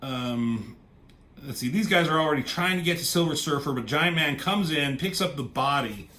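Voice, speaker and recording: A man casually recapping a comic book, swearing freely and popping into quick voices for the characters. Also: on the high side, lively intonation, bright, forceful tone. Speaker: comic reviewer.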